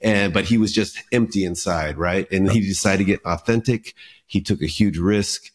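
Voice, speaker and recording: A man hosting a casual podcast interview, asking questions with many fillers and pauses. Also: deep voice. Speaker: podcast host.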